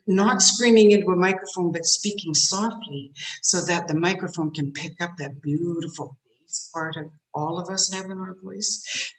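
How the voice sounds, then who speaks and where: Expressive woman giving a motivational talk. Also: mid-range voice, rough recording. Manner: expressive, shifts between soft and forceful; demonstrates tense and relaxed voices. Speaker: guest speaker. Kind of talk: motivational speech. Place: meeting room.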